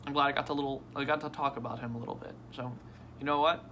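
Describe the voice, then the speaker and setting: A man vlogging casually at his desk, rambling and excitable with frequent swearing and restarts. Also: mid-range voice, racing, a little hiss or hum. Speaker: toy unboxing vlogger.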